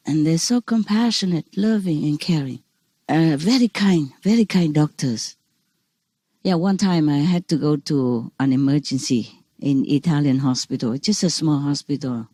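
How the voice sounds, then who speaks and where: A woman's voice: sits low, mellow, slightly rough, dry recording. A woman speaking as a spiritual teacher in an informal talk over a video call, rambling and repeating words for emphasis.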